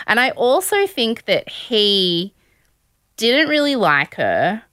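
A woman's voice: a little high, sing-song, takes it slowly, fairly bright tone, clear, resonant tone, dry recording. Young woman, podcast host, gossipy and chatty, laughs a lot, dry close sound. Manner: chatty, gossipy, laughs often, acts out quotes. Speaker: podcast host recapping a reality show. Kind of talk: casual chat.

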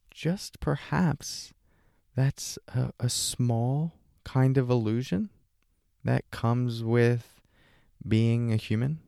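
Low-voiced guy talking meditation, asks lots of questions, dry close sound. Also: gravelly, warm tone, clear, resonant tone, no echo. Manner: questioning, acts out listener's doubts in a higher voice. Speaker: meditation teacher. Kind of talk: reflective spiritual talk.

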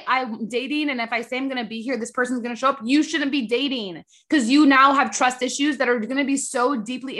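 Young adult woman, podcast host, bright tense tone, casual emphatic storytelling with swearing. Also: on the high side. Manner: chatty, emphatic, swears freely, rants when irritated.

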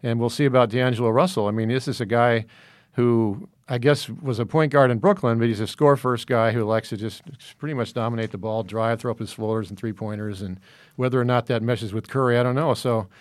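A man's voice: medium pitch, fairly even intonation, brisk, no room sound, studio quality. A man talking through basketball analysis in casual discussion, rambling with many fillers and restarts.

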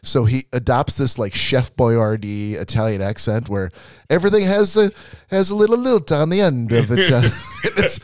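A man's voice: mid-range voice, lively intonation, normal speed, few pauses, no room sound. A man co-hosting a podcast, ranting casually about a movie, swearing and laughing as he talks. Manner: profane, ranting, laughs while talking. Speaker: podcast co-host reviewing a movie. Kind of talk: casual chat.

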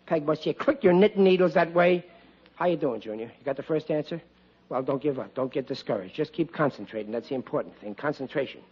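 A man's voice: high voice, animated, a little fast, husky, exaggerated voice. An actor playing a blustering, bumbling working-class father in a 1940s radio comedy, stammering when flustered, on a lo-fi old broadcast.

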